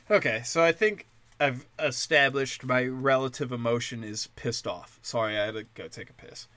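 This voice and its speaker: A man's voice: mid-range voice, moderate pace, sharp tone, no room sound. A man ranting in a heated, profane, rambling way, full of "like" fillers. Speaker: commentator. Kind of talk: profane political rant.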